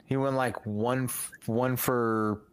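A man's voice: medium pitch, fairly even intonation, slow, smooth. A man co-hosting a casual sports podcast, blunt, profane and teasing. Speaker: podcast co-host.

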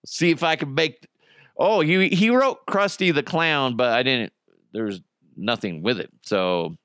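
A man's voice: medium pitch, expressive, measured pace, a bit bright, clean tone, no echo, clean studio sound. Giggly, rambling podcast host, a man. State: high. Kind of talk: loose comedy podcast chat.

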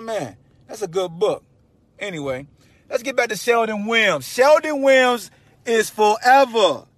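Male podcast host, slightly high voice, loud animated slangy monologue with shouted emphasis. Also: no echo. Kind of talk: casual sports talk monologue.

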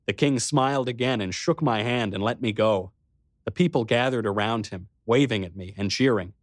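A man reading a first-person adventure story aloud with expressive storytelling. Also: on the low side, normal speed, no echo, clean studio sound. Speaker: narrator. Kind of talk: first-person audiobook narration.

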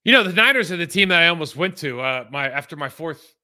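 Bright-voiced ex-player breaking down game film. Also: male voice, a little high, expressive, quick pace. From California. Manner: loose, chatty, heavy on football slang. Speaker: former pro football player analyst.

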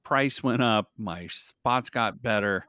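A middle-aged man, a filmmaker guest on a podcast, telling stories in an energetic, animated way. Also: fairly low pitch, takes it slowly, clean tone, no echo, studio quality. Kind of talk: casual interview storytelling.

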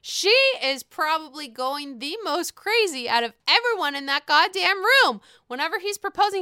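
A woman casually recapping a reality show, animated and profane, acting out the people she talks about. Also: high-pitched, measured pace, hardly any pauses, no echo, clean studio sound. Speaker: recap podcast host.

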